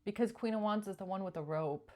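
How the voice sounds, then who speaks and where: A woman's voice: mid-range voice, fast talker, darkish tone. A woman doing a casual tarot reading, chatty and acting out pleading quotes along the way. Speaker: tarot reader.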